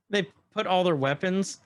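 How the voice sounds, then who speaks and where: Excitable man with a slightly high voice. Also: no room sound. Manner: excited, rambling, retells scenes while pausing the show. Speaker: podcast co-host. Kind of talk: casual chat recapping an episode.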